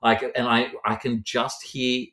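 A man's voice: medium pitch, level tone, measured pace, bright, forceful tone. A man who is a podcast guest, talking about stories in a playful, colorful, emphatic way. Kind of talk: casual podcast chat.

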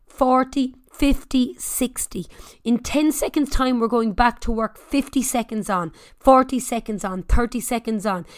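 High-voiced energetic spin instructor woman. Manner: energetic, shouts counts and encouragement; jokey, swears casually. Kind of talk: fitness class coaching.

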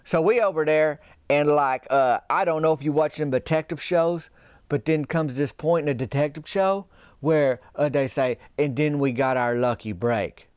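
A man's voice: a little high, moderate pace, a little mellow, clean tone, no room sound, studio quality. A man telling a comic story in a folksy, rambling, drawling way. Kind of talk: comedic storytelling.

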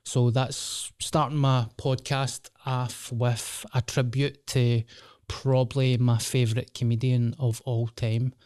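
Sweary Glaswegian man, smooth dry voice. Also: medium pitch, flat delivery, slow pace, darkish tone, no echo. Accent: Scottish, Glasgow. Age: 30s. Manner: rambling, sweary, jokey. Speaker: podcast host. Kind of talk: casual solo podcast monologue.

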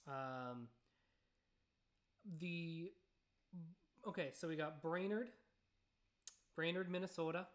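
A young woman with a slightly low voice chats alone on her podcast. She rambles easily from one thought to the next, dropping fillers and little asides to her listeners as she goes. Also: slow pace, pauses often. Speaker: podcast host. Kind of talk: casual solo podcast chat.

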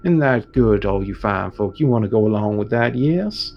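A man doing a town priest, measured preacher's address, low and a bit gravelly. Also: lively intonation, highs cut off. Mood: rallying. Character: rousing middle-aged male town priest.

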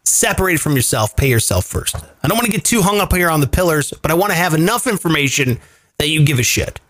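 Animated, profane male show host. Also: a little high, fast. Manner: animated, profane, emphatic explaining. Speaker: podcast host. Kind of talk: casual chat show.

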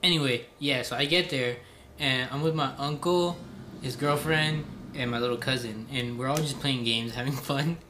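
A young man from Southern California tells a story to his friends in an animated, laughing way. His voice sits in the middle range for a man, and a light hiss of background noise sits under it. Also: medium pitch, moderate pace. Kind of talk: casual storytelling among friends.

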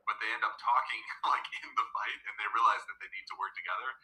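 A man co-hosting a podcast, talking about a film in a quick, chatty way with frequent fillers. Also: lowish voice, fairly even intonation, sharp tone, low-quality recording. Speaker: podcast co-host. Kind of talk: casual film discussion.

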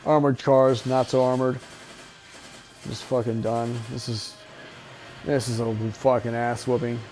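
A man's voice: medium pitch, little pitch movement, unhurried, darkish tone. A man hosting a podcast, giving casual, wisecracking, profanity-laden commentary while watching a movie. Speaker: podcast host. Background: faint film soundtrack.

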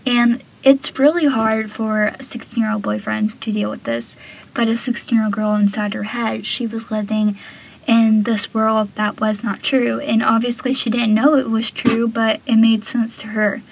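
A woman's voice: on the high side, flat delivery, normal speed, gravelly, slightly rough, rough recording. A woman casually recapping a TV episode, retelling scenes loosely and saying "like" and "I feel like" a lot. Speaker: show recap podcaster.

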